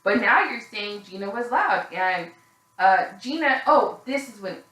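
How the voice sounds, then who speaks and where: A woman delivers a casual, opinionated recap, candid and gossipy, cursing without hesitation and leaning on fillers. Her voice is bright and forward, and it rings off the hard walls of an echoey room. She sounds a little worn out. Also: on the high side, expressive, unhurried. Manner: candid and gossipy, swears freely, frequent fillers. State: tired. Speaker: reality TV recap reviewer.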